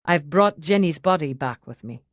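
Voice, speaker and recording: A woman voicing a wealthy Irishman back in his home city, speaking in a calm, measured, understated way. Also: a little high, no room sound, studio quality, pitched below the performer's own voice, natural voice. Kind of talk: audiobook character voice.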